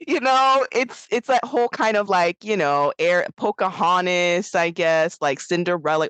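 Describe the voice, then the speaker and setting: Chatty, animated woman podcaster, dry close mic. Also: lowish voice, unhurried, smooth, no echo, poor audio. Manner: animated, chatty, laughing often, acts out lines. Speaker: podcast co-host. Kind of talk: casual film review chat.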